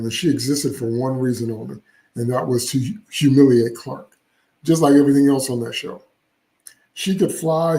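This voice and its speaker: Man, casual commentary host, opinionated, mellow voice, roomy echo. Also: medium pitch. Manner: opinionated, chatty, frequent uh fillers and asides. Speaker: comics channel host.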